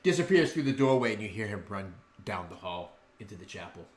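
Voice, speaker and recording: A man's voice: lowish voice, sing-song, a little fast, roomy sound, crowd noise. A man narrating a tabletop game as dungeon master, in a laid-back way with lots of ums and chuckles.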